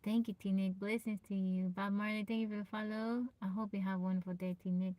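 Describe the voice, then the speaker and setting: A woman with a soft, naturally low voice chats casually with viewers on a live stream, greeting them by name and laughing often. She pushes to project over her quiet tone. The sound is close and dry. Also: level tone, quick pace, no echo. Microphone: phone.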